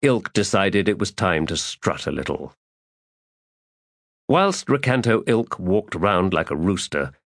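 A man narrating a fantasy audiobook in a measured storytelling voice. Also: on the low side, no echo, clean studio sound.

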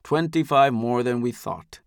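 A man voicing an older male ship leader in an audiobook, speaking in a grandfatherly, theatrical, deliberate way. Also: medium pitch, creaky, smooth, no room sound, studio quality. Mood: grave. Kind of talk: audiobook character voice.

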